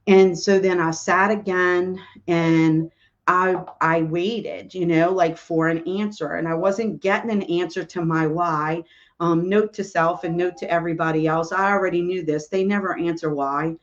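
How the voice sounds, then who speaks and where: A woman's voice: fairly low pitch, fairly even intonation, normal speed, lo-fi sound. A woman, a spiritual medium, telling a personal story in a casual, rambling way, full of "you know" and "like".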